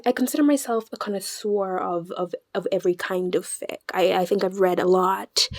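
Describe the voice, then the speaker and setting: A young woman vlogger chatting casually, animated and dramatic, often stammering and restarting her sentences. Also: mid-range voice, no room sound, clean studio sound. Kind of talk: casual chat.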